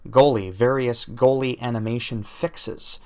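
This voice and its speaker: A man's voice: medium pitch, steady tone, a little slow, darkish tone, clean tone. A man reading out video game patch notes aloud, breaking off with self-deprecating jokes and laughing at his own asides. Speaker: gaming YouTuber.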